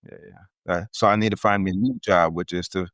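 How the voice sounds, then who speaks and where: A man from Jamaica with a light Jamaican accent chats easily as a podcast guest and laughs often. His voice is low and smooth. The sound is close and dry. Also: steady tone, fairly quick, fairly bright tone, no echo. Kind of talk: casual interview chat.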